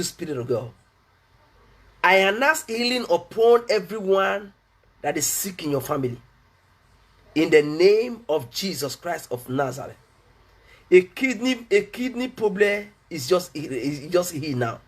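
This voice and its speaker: A man's voice: on the high side, husky. A Nigerian man preaching as a pastor, fervent, repeating his phrases and laughing between lines. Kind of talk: preaching a sermon.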